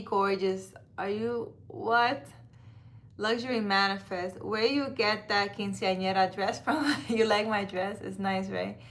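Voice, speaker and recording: A woman livestreaming from a park at night, speaking into a handheld phone in an unhurried, drawn-out way. Her voice is bright and forward, and she keeps breaking into laughter as she chats with viewers. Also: mid-range voice. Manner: chatty, laughs often, addresses viewers by name. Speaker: livestream tarot reader. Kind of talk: casual live chat reading viewer comments.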